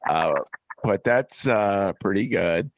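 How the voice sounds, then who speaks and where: A podcast host in a casual comedic chat who laughs often and fills pauses with hesitant uhs. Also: male voice, lowish voice, animated, no echo, clean studio sound.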